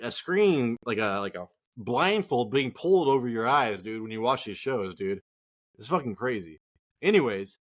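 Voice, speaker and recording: Lively, swearing fantasy football co-host man. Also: medium pitch. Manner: heated, swearing, animated. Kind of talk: casual profane rant.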